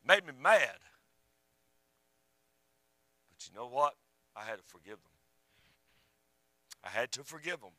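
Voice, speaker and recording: A man preaching a sermon, fervent one moment and hushed the next, with a drawl. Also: mid-range voice, very animated, moderate pace, no echo, rough recording. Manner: fervent, rising and falling, drops to a hush.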